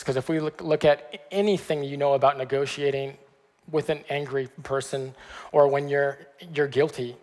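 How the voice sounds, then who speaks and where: Conversational pastor in a reverberant church. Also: male voice, on the high side. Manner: conversational, frequent "okay" check-ins. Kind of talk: sermon. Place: church sanctuary.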